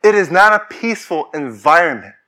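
A man's voice: a little high, sing-song, fairly quick, sharp tone. A man preaching a sermon as pastor, talking conversationally and rising to fervent declarations.

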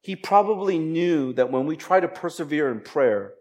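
A man preaching as a pastor, moving from slow, emphatic scripture reading into a chatty, laughing personal story. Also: a little high. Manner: conversational, animated storytelling with laughs and quoted voices.

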